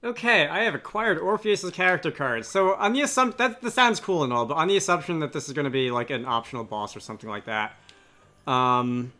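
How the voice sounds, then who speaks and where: A man's voice: on the high side, expressive, brisk, pushed and bright. A man giving casual, rambling gameplay commentary as a let's play host, often correcting himself mid-sentence.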